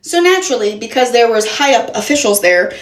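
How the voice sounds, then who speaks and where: A woman's voice: a little high, very animated, brisk. A young woman telling an exasperated, profanity-laced story in a casual storytime. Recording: roomy echo.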